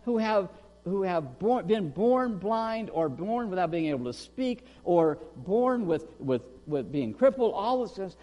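A man preaches a sermon in a high, lively voice that leaps up and down as he asks the congregation questions. He acts out quoted shouts with real force. His voice rings with a long reverb, as in a big hall. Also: a little slow. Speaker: pastor.

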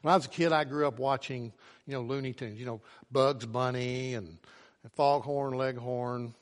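A man preaching a sermon, with emphatic delivery that climbs to loud, urgent questions. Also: mid-range voice, fairly even intonation, normal speed. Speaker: pastor. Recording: long hall reverb.

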